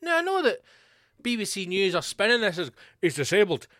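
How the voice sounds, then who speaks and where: A man's voice: high-pitched, very animated, brisk, pushed and bright, no room sound, clean studio sound. A man with a Glasgow accent hosting a podcast, ranting solo in a sweary, sarcastic, rambling way. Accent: Scottish, Glasgow. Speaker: podcast host.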